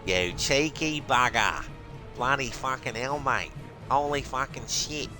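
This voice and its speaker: A man's voice: mid-range voice, music in the background, pitched above the performer's own voice, natural voice. A man voicing a crude, rowdy adult Australian bloke with a thick Australian accent, swearing and drawing out his vowels. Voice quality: loud, swearing, drawn-out vowels.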